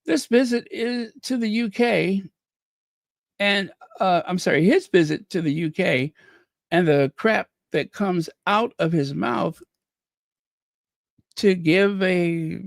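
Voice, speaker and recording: Channel host, opinionated casual commentary, unhurried delivery, dead dry mic. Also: medium pitch, gravelly, dry recording. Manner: chatty, opinionated, laughing asides. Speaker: host of a royal news channel.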